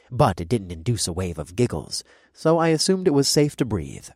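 A man narrating a first-person fantasy audiobook with lively, expressive storytelling. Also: deep voice, husky, no room sound, clean studio sound.

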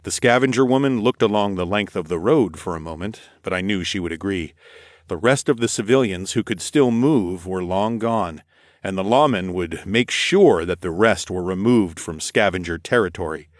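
Low-voiced male audiobook narrator. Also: normal speed, no room sound, clean studio sound. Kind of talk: first-person audiobook narration.

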